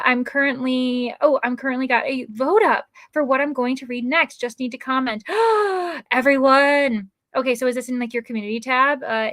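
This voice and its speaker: An American woman chats casually on a reading livestream, her voice a touch high. She rambles through viewer comments with a lot of fillers. The sound is dry and close, with no room echo. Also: a bit bright. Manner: chatty, rambling, many fillers. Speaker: livestream host.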